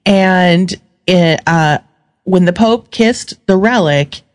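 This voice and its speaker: A woman guest on a talk show, chatty and quick to laugh. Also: fairly low pitch, dry recording. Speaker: guest co-host. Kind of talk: casual chat.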